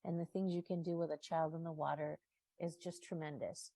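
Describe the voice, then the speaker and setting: A woman speaks earnestly at a council meeting, her low voice gravelly and mellow. The sound is dry and close, with little room echo. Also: steady tone, brisk. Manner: earnest, heartfelt. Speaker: public commenter at city council. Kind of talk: public comment speech.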